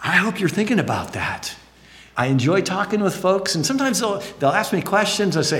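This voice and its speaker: A male pastor preaching a sermon in an earnest, conversational way, swinging between high emphatic phrases and low quiet ones. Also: big pitch swings, normal speed. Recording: long hall reverb.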